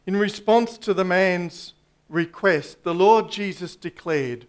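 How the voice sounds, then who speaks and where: A male preacher with a high voice delivers a sermon at an unhurried pace. He talks deliberately to his congregation and slips in dry asides. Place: church congregation.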